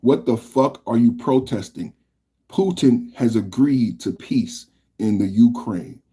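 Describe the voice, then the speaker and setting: Husky man ranting angrily. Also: medium pitch, animated, slow, warm tone. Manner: angry, profane, mocking. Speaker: podcast host reacting to clips. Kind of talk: heated political rant.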